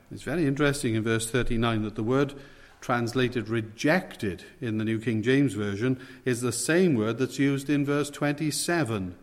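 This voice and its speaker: A man preaching an expository sermon, emphatic, quoting scripture and stressing key words by lifting and dropping his voice. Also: medium pitch. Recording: long hall reverb.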